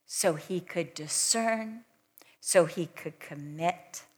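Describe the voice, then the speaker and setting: An older woman preaching a sermon in an expressive way, acting out the voices she quotes. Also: lowish voice.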